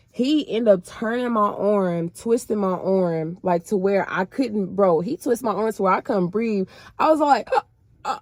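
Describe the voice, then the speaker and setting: A woman's voice: medium pitch, darkish tone, no room sound, clean studio sound. Emotional woman telling her faith story. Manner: emotional, colloquial, addresses viewers as y'all. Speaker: person sharing her faith testimony. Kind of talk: casual personal storytelling.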